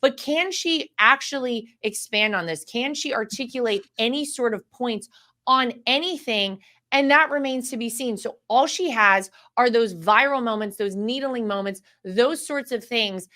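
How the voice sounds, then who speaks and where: A woman's voice: fairly high pitch, moderate pace, sharp tone. A woman from North Carolina speaking as a guest in a political interview, confident and emphatic.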